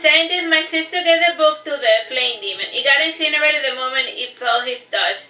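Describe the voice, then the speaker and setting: A woman's voice: high voice, a little fast, sharp tone. A woman reading her own fantasy story aloud in a plain storytelling manner, with small stumbles and repeated words. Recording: distant, roomy, dull, faint music.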